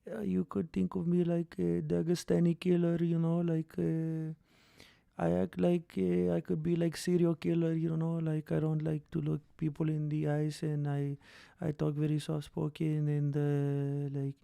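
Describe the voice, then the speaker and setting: A man putting on a stoic, soft-spoken male fighter who talks in broken English with a deadpan calm. The voice is gravelly and dark, with almost no melody, and sits close and dry on the mic. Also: fairly high pitch, moderate pace, dry recording. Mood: calm boasting. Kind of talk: comedic impression on a live stream.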